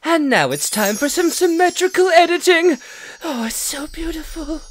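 A man's voice: extremely high pitch, big pitch swings, moderate pace, exaggerated voice. A man playing a symmetry-obsessed young male reaper, giving short-tempered gameplay commentary and swearing at the game. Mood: agitated, yelling. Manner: easily agitated, swears and yells at the game. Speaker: gamer playing in character. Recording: game music playing behind the voice.

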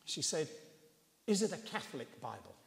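A man's voice: fairly high pitch, sing-song, normal speed, vocal fry. A man in his sixties from England, preaching a sermon as a chuckling, self-mocking storyteller. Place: church hall. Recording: long reverb of a church hall.

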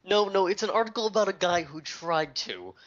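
Bright-voiced man rambling on a podcast. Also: sits high, lively intonation, a little fast. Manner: rambling, with many restarts. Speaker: podcast co-host. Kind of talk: casual chat. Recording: dull lo-fi recording.

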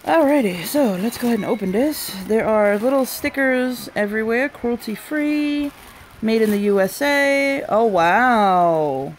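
Chatty, excitable young woman unboxing live. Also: a little high, unhurried, a little hiss or hum. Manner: chatty and excitable, frequent delighted exclamations; breaks off to talk to family off camera. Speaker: unboxing vlogger hosting a live stream. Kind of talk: casual live unboxing chat.

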